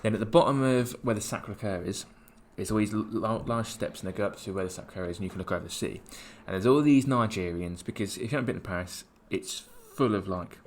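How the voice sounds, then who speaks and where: A man from England telling a rambling, animated travel story in casual podcast chat, with many restarts. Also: lowish voice, fast talker, few pauses. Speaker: podcast co-host.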